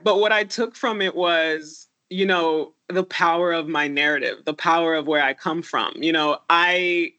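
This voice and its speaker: A woman's voice: low voice, fairly even intonation, measured pace, few pauses, pushed and bright, no echo, highs cut off. A woman from Haiti, a podcast co-host, talking candidly and tearfully about her life, with frequent laughs and restarts. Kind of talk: emotional personal conversation.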